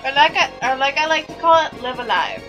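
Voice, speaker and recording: A woman's voice: high-pitched, expressive, a little fast, a bit bright, lo-fi sound, faint music behind. A woman co-hosting a let's play, teasing and throwing in short quips. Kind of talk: casual gameplay banter.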